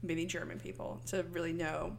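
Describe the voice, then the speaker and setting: A woman's voice: on the low side, little pitch movement, brisk, gravelly, slight background noise. A woman co-hosting a casual chat, animatedly retelling a story and acting out the characters' lines. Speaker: podcast co-host recapping a film.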